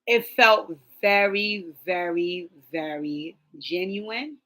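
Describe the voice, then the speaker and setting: A woman's voice: fairly low pitch, takes it slowly, sharp tone, rough recording. A woman hosting her own vlog, giving blunt opinions in casual chat and repeating lines for emphasis. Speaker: host.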